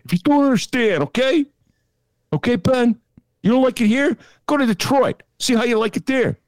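A man voicing a gruff, dismissive Chicago local man with a Chicago accent who scolds and talks down to people. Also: very high-pitched, animated, moderate pace, no room sound, studio quality, voice pushed up. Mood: scolding. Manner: brash, scolding, pushy.

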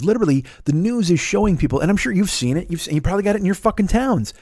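A man's voice: high voice, racing, few pauses, no room sound, clean studio sound. A man hosting a podcast, telling a story as a profane rant and swearing constantly. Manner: animated, swears constantly, builds to shouting. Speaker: podcast host.

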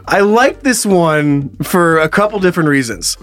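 Lively high-voiced man chatting. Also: normal speed, soft background music. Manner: laughs often, jumps into high shouting impressions. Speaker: podcast co-host. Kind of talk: casual comedic chat.

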